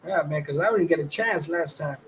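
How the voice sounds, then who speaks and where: A man's voice: a little high, a little fast, fairly bright tone, a little hiss or hum. A man hosting a casual livestream, greeting viewers by name in laid-back slang with plenty of swearing. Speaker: livestream host.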